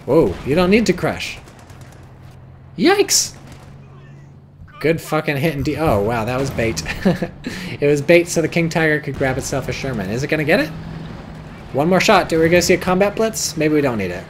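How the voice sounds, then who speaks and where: An American man casts a strategy game replay with loose, casual play-by-play at a fairly quick pace. Excitable, he swings widely in pitch, swearing and yelping at big plays, with a faint hiss of noise in the background.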